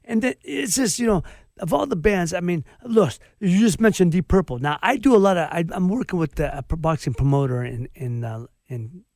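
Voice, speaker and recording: High-voiced man hosting a rambling chat. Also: expressive, a little fast, darkish tone, dry recording, studio quality. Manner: rambling, repeats words, enthusiastic interjections. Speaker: host. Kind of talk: casual interview chat.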